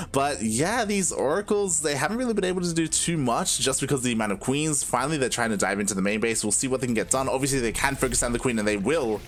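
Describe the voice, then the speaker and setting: A young man from Australia with a mixed Australian and Spanish-influenced accent, casting a game live on his own, excitable and quick to exclaim. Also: mid-range voice. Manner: excitable, exclaims often and laughs at chat. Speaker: esports caster. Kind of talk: solo live game commentary.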